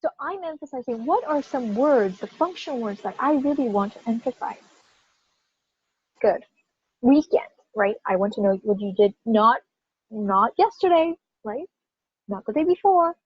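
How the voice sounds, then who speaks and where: Emphatic, higher-voiced woman teaching pronunciation. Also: moderate pace, husky, lo-fi sound. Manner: animated, emphatic, checks in with "right?" often. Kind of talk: classroom lesson.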